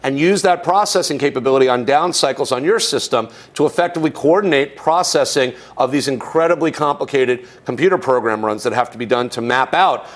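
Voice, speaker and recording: A man teaching a recorded course, explaining in a conversational way, posing rhetorical questions and dropping casual asides. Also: medium pitch. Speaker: instructor. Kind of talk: conversational tech lecture.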